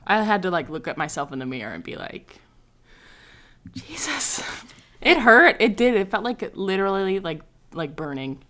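A young woman hosting a podcast, telling stories in a blunt, animated way in casual chat. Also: fairly low pitch, fairly quick. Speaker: podcast host.

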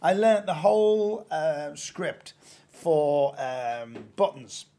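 A man, a pantomime actor and broadcaster, telling lively stories with stammering restarts. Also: fairly high pitch, drawn-out words. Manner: animated storyteller, stammering restarts. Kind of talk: anecdotal interview chat.

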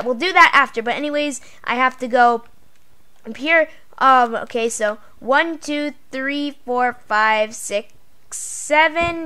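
Woman gaming host, high and bright, chatty, counts aloud, talks to viewers. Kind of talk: casual gameplay commentary.

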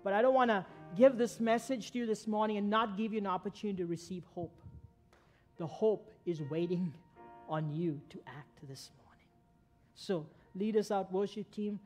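Man, pastor, dramatic sermon, high voice, soft music behind. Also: moderate pace. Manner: dramatic storytelling, rising and dropping volume.

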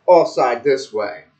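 A man's voice: medium pitch, a little mellow, echoey room, poor audio. A man giving a rambling, crude, joking play-by-play of a televised football game, repeating himself often. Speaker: amateur commentator.

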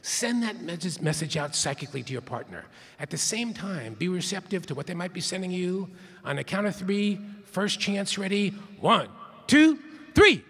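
A man's voice: high-pitched, very animated, moderate pace, a bit bright, husky. A man giving a playful keynote talk, leading the audience in call-and-response counts in a large conference hall. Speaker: keynote speaker. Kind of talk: interactive plenary talk.

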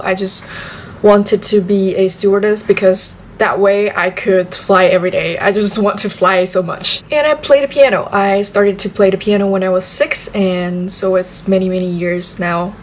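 Young woman, from southern China, Chinese accent, native Chinese speaker, casual vlog chat, mid pitch, repeats words for emphasis. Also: slight background noise. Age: young adult. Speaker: vlogger.

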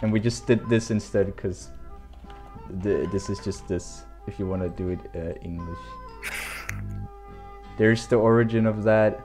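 A man's voice: fairly low pitch, steady tone, a little slow, pauses often, dark tone, soft background music. Laughing, rambling young man on stream. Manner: laughing often, rambling, swearing. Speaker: game co-creator. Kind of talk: casual stream chat.

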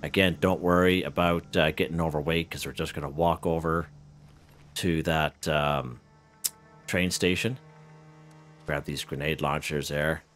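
Very deep-voiced man narrating gameplay. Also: measured pace, pauses often, faint music behind. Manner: relaxed, chuckling, lots of fillers and restarts. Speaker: gaming channel host. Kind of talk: casual gameplay commentary.

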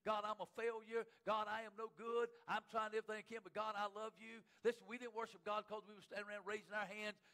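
A man preaching a sermon as pastor. He repeats phrases for emphasis and swings between loud cries and hushed low lines. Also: little pitch movement, quick pace, hardly any pauses, low-quality recording. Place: church sanctuary.

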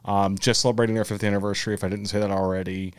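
A man co-hosting a podcast, chatting in a relaxed, hesitant way full of fillers. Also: on the low side, racing, clear, resonant tone, no echo, clean studio sound. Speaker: podcast co-host. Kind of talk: casual chat.

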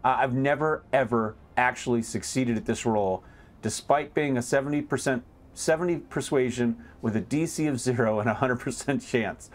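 A man's voice: mid-range voice, moderate pace. A man hosting a gameplay video, talking casually and rambling, often stopping to correct himself. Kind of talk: let's play commentary.

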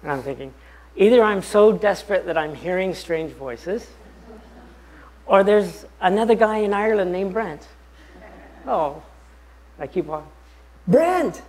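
A man, a pastor, telling a personal story during a bible study talk in an animated, anecdotal way. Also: sits high, normal speed, rough recording.

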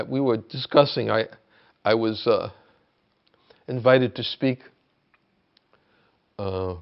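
Gravelly slow-speaking man teacher. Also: fairly low pitch, highs cut off. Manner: halting, restarts often, grows emphatic when retelling. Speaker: spiritual teacher. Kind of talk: reflective spoken talk. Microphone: video call.

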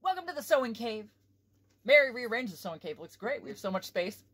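A woman's voice: fairly high pitch, sing-song, brisk, music in the background. A woman chatting casually about sewing in a vlog, profane and self-mocking. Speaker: sewing vlogger.

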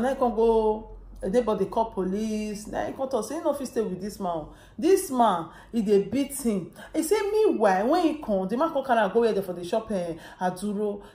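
A woman's voice: on the high side, warm tone, reverberant. A woman vlogger with a Nigerian Pidgin accent, casually retelling someone's story and voicing what each person said. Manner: retells a story with quoted dialogue.

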